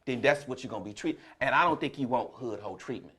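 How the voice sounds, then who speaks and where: A man's voice: medium pitch, fast talker, fairly bright tone, breathy edge. A middle-aged man, a comedian, telling a story in a casual chat and laughing through the punchlines. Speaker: comedian guest.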